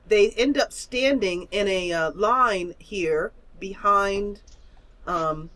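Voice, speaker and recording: A woman's voice: medium pitch, slow, a bit bright. A woman narrating as game master of an online tabletop game, chatty and laughing, with many fillers.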